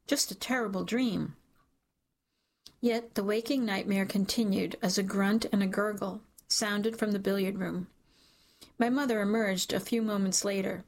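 A woman reading a dark first-person story aloud in a measured, dramatic way. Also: mid-range voice. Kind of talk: scripted audiobook narration.

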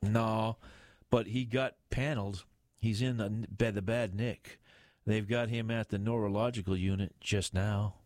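A man's voice: fairly low pitch, steady tone, measured pace, a little mellow, dry recording, clean studio sound, lightly acted. A man voicing a weary, grumpy middle-aged male police inspector who grumbles irritably. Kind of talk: audiobook character voice.

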